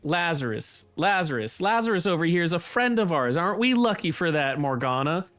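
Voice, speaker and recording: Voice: medium pitch, sing-song, fairly quick, a bit bright, soft background music. A game master voicing a brash young woman enforcer who carries a bat and talks in drawling slang. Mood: swaggering. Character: tough young woman thug with a bat, swaggering.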